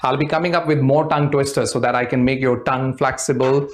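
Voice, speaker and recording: A man teaching a live online English class. He explains quickly in Hindi, switches to slower, careful English, and drills tongue twisters with his students. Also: medium pitch, level tone.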